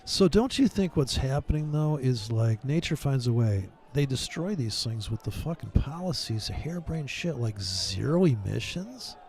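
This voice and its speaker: A man's voice: mid-range voice, expressive, moderate pace, hardly any pauses, a little mellow. A man hosting a casual trading stream, rambling and mocking in a profane, joking way. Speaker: livestream trading host. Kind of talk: casual ranting chat with viewers.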